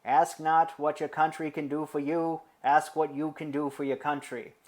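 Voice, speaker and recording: A man doing an impression of a 1960s American president with a Boston accent, delivering a measured, oratorical speech line. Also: a little high, level tone, a little mellow, close to an everyday voice.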